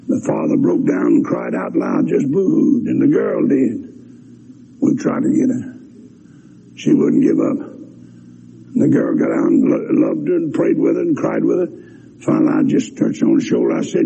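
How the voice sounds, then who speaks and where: A gravelly old preacher delivers a fervent revival sermon, his pitch leaping wildly between low storytelling and shouted cries. The sound is a dull lo-fi recording with a faint hiss. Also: huge pitch swings, measured pace, pauses often. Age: older. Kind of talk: revival sermon with altar call.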